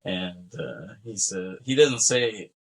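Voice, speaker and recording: In this low-quality recording, a man with a deep voice speaks at a slow pace. He's a co-host on a film podcast, chatting casually, laughing a lot, and recounting scenes from movies.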